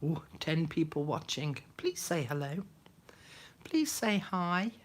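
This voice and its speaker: Low-voiced older woman chatting. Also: sing-song, slow. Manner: chatty, greets viewers by name, drops to soft murmurs while working. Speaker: craft live-stream host. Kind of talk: casual live-stream chat while crafting.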